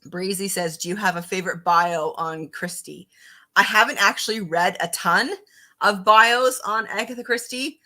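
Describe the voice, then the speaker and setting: A woman's voice: mid-range voice, normal speed, pushed and bright. A woman hosting a casual live-stream book chat, upbeat and chatty, reading out viewer comments. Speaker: book channel host.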